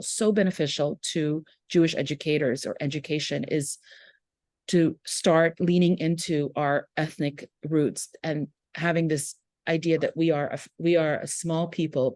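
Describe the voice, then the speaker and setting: A woman educator, a guest in a podcast interview, speaking reflectively and with passion, often pausing with fillers. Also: deep voice, fairly even intonation, a little mellow, no room sound, clean studio sound. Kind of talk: conversational interview.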